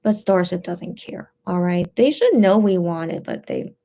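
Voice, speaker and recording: Woman, tearful, livestream host, gravelly, dark tone, hesitant, subdued. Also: on the low side, animated, normal speed. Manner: subdued, emotional, hesitant with many fillers. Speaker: livestream host reading chat. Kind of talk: casual livestream chat.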